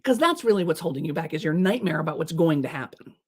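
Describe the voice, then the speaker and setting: A woman's voice: deep voice, fast talker, slightly rough. Chatty woman giving motivational advice. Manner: chatty, animated, with filler words and laughs. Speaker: host. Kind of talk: casual motivational talk.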